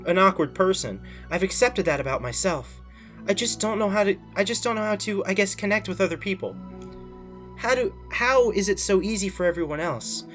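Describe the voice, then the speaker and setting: A man's voice: sits high, fairly bright tone. A man reading the lines of a shy, awkward teenage girl aloud from a visual novel, in a plain voice with restarts.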